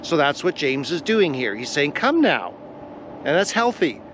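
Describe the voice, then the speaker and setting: A man teaching a devotional lesson on a vlog, earnest and deliberate, repeating his key phrases for weight. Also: fairly high pitch, sing-song, a bit bright, slight background noise. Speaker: Bible teacher.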